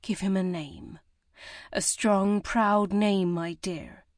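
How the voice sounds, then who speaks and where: Woman narrator voicing a gentle, urging midwife for an audiobook, close and dry. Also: takes it slowly, dry recording. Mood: coaxing. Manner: high, coaxing and gentle. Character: kindly old village midwife, tender and urging.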